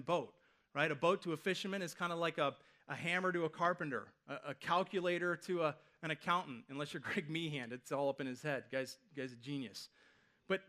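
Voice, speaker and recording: A male pastor in his thirties delivers a sermon from a church stage, chatting with the congregation and throwing them rhetorical questions. His voice sits a little higher than most men's. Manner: conversational, animated preaching with rhetorical questions.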